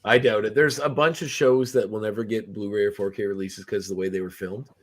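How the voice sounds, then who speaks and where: Podcast host, man, low voice, easygoing rambling plot recap, lots of ums. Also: fairly even intonation, quick pace. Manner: rambling recap with many fillers and restarts. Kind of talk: casual movie review chat.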